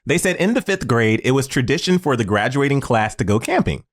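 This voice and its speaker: Guy co-hosting a podcast, reading listener secrets out loud, playful and easygoing. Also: mid-range voice, very animated, fairly quick. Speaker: podcast co-host. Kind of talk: casual chat, reading listener secrets aloud.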